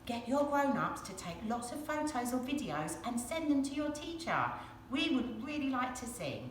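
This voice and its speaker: Lively sing-song English woman teacher. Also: a little high, moderate pace, echoey room, slight background noise. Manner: sing-song, animated, encouraging. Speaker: early years teacher. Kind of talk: phonics lesson for young children.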